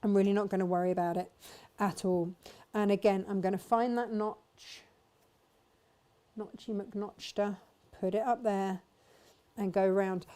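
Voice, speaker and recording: A woman's voice: medium pitch, steady tone, moderate pace, mellow. A woman chatting casually as she demonstrates sewing and answers viewers' questions. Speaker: sewing teacher and shop host.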